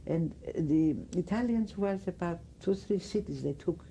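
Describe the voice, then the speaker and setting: An older woman with a Greek accent, giving oral history testimony in halting speech, often searching for words. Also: fairly low pitch, mellow, slight background noise, rough recording. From Greece. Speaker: interviewee.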